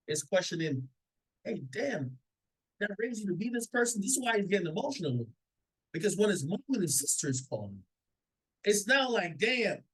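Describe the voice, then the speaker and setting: A man's voice: sits high, slightly rough, poor audio. A man commenting casually on a played clip, opinionated, often stammering and repeating words. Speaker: reaction commentator.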